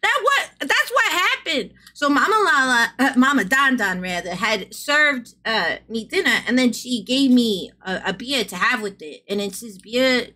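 A woman's voice: fairly high pitch, animated, a little slow, hardly any pauses, sharp tone. A woman streamer from the American South chatting casually with her audience, giggling often and swearing freely. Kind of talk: casual live-stream chat.

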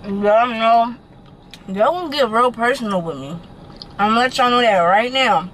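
A young woman vlogging from her car, chatting to her viewers in an animated, slangy way and swearing casually. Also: a little high, moderate pace, slight background noise, low-quality recording. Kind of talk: casual chat to camera.

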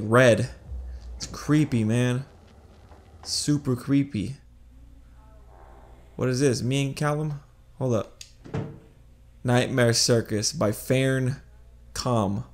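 A man casually commenting while playing a horror game, jumpy and excitable, cursing freely and thinking out loud. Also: medium pitch. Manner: jumpy, excitable, swears a lot. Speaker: gaming video host. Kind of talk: casual let's-play commentary.

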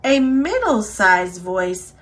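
A woman reading a children's picture book aloud, expressive and unhurried. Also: medium pitch. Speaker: storyteller.

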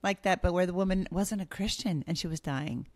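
A woman hosting a faith-based podcast, talking in a soft, grateful way with small restarts. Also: lowish voice, fairly quick, dry recording, studio quality. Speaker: podcast host. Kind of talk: casual chat.

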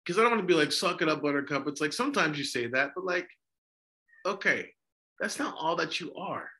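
A man's voice: fairly high pitch, big pitch swings, fairly quick, sharp tone. A man who is a priest, hosting a podcast discussion and speaking with passion through many rhetorical questions. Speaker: Orthodox priest and podcast host.

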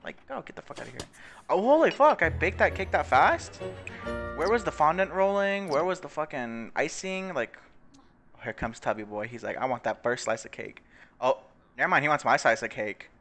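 A man's voice: fairly high pitch, expressive, moderate pace, fairly bright tone, faint music behind. A young man giving casual, profane commentary on a life-simulation game, laughing often and putting on mocking voices. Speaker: gaming video creator.

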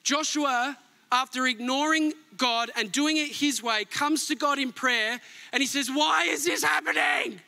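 A middle-aged pastor preaching a sermon with emphatic swings between near-shouts and soft asides. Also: male voice, very high-pitched, unhurried, clean tone.

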